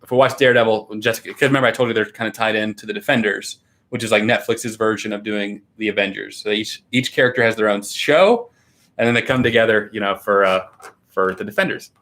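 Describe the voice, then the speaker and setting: Young American male host, enthusiastic talker, lowish pitch, bright edge to the voice. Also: fast. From United States. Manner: enthusiastic, chatty, reads comments aloud. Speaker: livestream host. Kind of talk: casual livestream chat, reading viewer comments.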